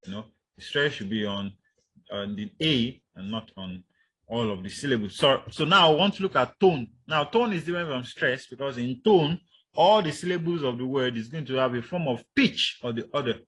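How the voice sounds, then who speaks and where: Male lecturer, mid-pitched and unhurried, stops for fillers and demonstrates intonation patterns aloud. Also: fairly bright tone, slightly rough. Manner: halting, frequent fillers, acts out example intonations. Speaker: linguistics lecturer. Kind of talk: university lecture.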